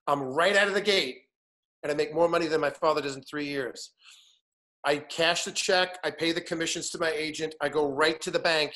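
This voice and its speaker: Animated man telling a story. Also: fairly high pitch. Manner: animated, acts out voices in his anecdotes. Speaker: guest. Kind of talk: casual storytelling chat.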